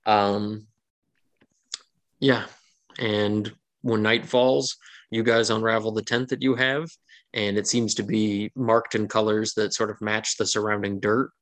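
A man's voice: fairly low pitch, level tone, unhurried, fairly bright tone. A man narrating as game master of a tabletop game, rambling loosely with fillers.

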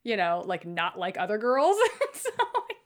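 Chatty woman with animated voice swings. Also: measured pace. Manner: animated, acts out quoted lines with pitch jumps and laughs. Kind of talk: casual chat.

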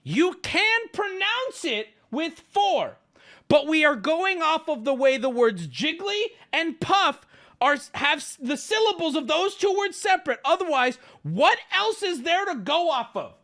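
A man's voice: very high voice, very animated, measured pace, sharp tone. A man streaming live, ranting at his chat in an exasperated, profane, argumentative way. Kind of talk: livestream rant to chat.

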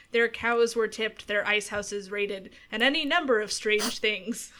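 A woman's voice: mid-range voice, animated, measured pace, fairly bright tone. A woman voicing a storyteller who reads an old folk tale aloud in a theatrical story voice with a slipping accent. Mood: storytelling.

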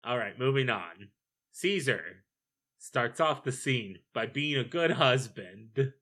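Dry, bright-toned man. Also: medium pitch, expressive, takes it slowly, husky. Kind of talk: casual film discussion.

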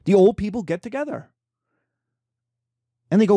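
A man's voice: sits high, normal speed, pauses often, no room sound, studio quality. A man giving an informal lecture, telling stories and acting out the people in them. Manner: animated storytelling, acting out characters.

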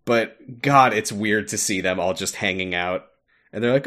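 A young man co-hosting a podcast, casually recapping a game's story with animated retelling and frequent laughter. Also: lowish voice, normal speed. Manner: animated storytelling, laughs often, acts out lines. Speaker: podcast co-host. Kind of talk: casual chat recapping a game.

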